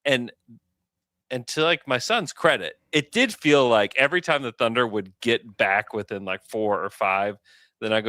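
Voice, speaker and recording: Bright-voiced animated man talking hoops. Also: medium pitch, moderate pace, no echo, studio quality. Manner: animated, chatty, lots of fillers. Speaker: podcast co-host. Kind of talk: casual sports chat.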